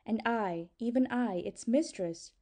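A woman's voice: a little high, measured pace, dark tone. A woman reading the part of a proud, mocking sorceress who tempts and commands in honeyed, archaic speech. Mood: pleading, tempting. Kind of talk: audiobook reading.

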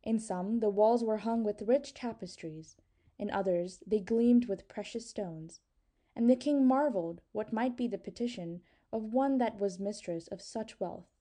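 A woman narrating an old legend in a measured, even storytelling manner. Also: medium pitch. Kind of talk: audiobook reading.

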